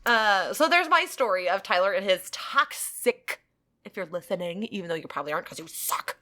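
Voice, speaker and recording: A woman's voice: medium pitch, lively intonation, a little fast, pushed and bright. A woman co-hosting a podcast, telling a story in casual chat and laughing often. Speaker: podcast co-host.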